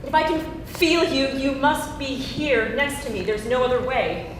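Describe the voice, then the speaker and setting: An actress on a theater stage playing a grieving, sharp-tongued woman who swears and turns sarcastic. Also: sits high, normal speed, faint music behind, lightly acted. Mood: tender. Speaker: stage actor. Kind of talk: live stage drama. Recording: roomy stage sound from a distant mic.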